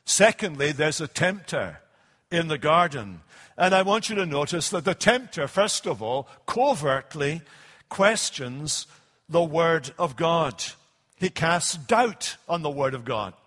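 High-voiced male preacher in a reverberant hall. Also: lively intonation, a bit bright. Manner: deliberate, emphatic, slowing on key phrases. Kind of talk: sermon.

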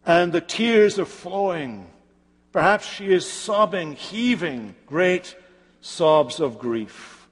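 A man preaching a sermon, retelling a scripture story slowly and dramatically with pauses. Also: sits high, animated, breathy edge, in a large hall.

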